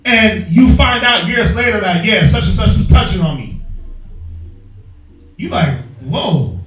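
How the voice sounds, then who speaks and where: A man teaching from the Bible in an emphatic, slangy street style, prodding his reader with quick call-and-response. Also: high-pitched, lively intonation, a bit bright. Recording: echoey room, distant mic, faint music.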